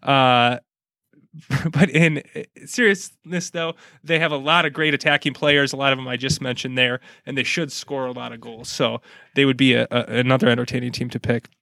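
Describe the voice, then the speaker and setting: A man's voice: mid-range voice, fairly even intonation, moderate pace, vocal fry, sharp tone, dry recording, studio quality. A man hosting a casual soccer preview, easygoing and joking while breaking down teams. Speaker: sports podcast host.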